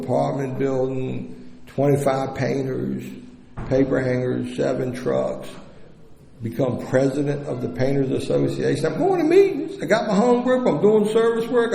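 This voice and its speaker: Gravelly-voiced man sharing his story. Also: on the high side, mellow. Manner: blunt, profane and candid. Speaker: recovery convention speaker. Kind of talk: personal recovery story told to an audience. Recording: echoey hall with long reverb.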